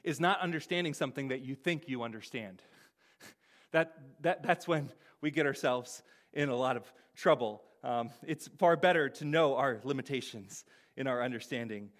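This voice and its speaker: A man preaching a sermon in a conversational way, often asking "right?", laughing softly and repeating words as he restarts. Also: medium pitch, moderate pace. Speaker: pastor.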